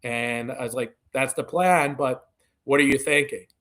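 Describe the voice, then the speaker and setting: Man, mid pitch, podcast guest, casual storytelling, animated quoted dialogue, lots of "you know". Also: measured pace. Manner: lively anecdotes acting out quoted dialogue, frequent "you know" fillers. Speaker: podcast guest, community event organizer.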